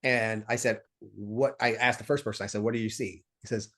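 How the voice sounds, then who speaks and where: A man's voice: mid-range voice, quick pace, hardly any pauses, fairly bright tone. A man guest on a coaching podcast, telling anecdotes, repeating words as he thinks and voicing the people in his stories. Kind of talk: conversational interview.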